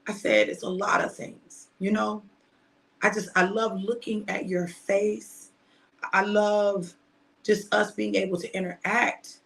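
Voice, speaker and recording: A middle-aged woman preaching informally to her online audience, shouting and emphatic at times, then reflective and personal. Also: mid-range voice, little pitch movement, unhurried, creaky. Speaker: preacher and host.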